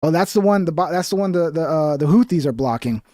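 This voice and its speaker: A man's voice: a little high, lively intonation, fast, warm tone, dry recording, studio quality. A man streaming casual reaction commentary, blunt and profane, often trailing off with "bro" and "dude".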